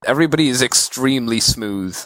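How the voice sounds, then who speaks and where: A man's voice: medium pitch, animated, a little fast, fairly bright tone, no room sound. A man from Britain co-hosting a casual podcast chat, joking and laughing often. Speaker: podcast co-host.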